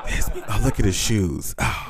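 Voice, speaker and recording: A man's voice: on the low side, a little slow, over a noisy crowd, close to an everyday voice. A man mimicking a snobbish young woman. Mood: mocking.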